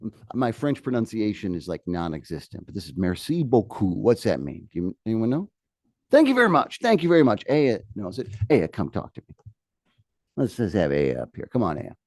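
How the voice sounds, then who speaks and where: A man teaching a history class, lecturing in a lively way with joking asides to his students in a classroom. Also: low voice, normal speed, no echo, studio quality.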